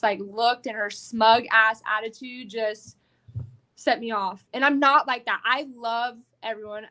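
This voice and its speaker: A woman bare-knuckle fighter telling her story in a casual podcast interview, animated and profane, full of "like". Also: on the high side.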